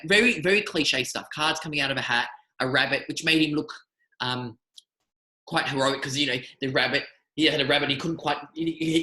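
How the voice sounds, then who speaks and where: A man, a magician, telling animated, rambling anecdotes in a casual interview. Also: fairly high pitch, reverberant, low-quality recording. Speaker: magician guest.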